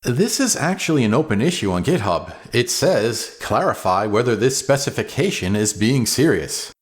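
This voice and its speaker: A man explains web coding in scripted narration. His pitch swings widely and jumps up on rhetorical questions. His humor is dry and playful. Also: big pitch swings, moderate pace. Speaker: web design video host.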